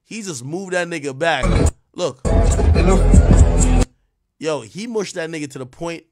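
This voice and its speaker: A man's voice: on the high side, lively intonation, unhurried, over loud music. A man hosting a live stream, giving casual, rambling commentary full of profanity and trash talk. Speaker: livestream host.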